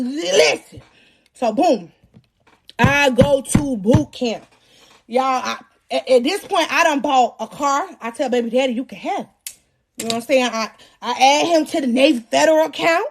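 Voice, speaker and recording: A young woman hosts a live show with a high, bright voice. She tells her story in slangy, lively talk and keeps turning to the crowd to pull them in. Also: slight background noise. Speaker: podcast host.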